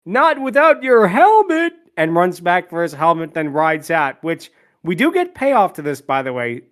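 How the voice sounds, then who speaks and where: A man's voice: a little high, expressive, normal speed, a bit bright. A man hosting a podcast, recapping a movie's plot scene by scene with dry asides. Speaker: podcast host recapping a film. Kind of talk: recap narration with jokes.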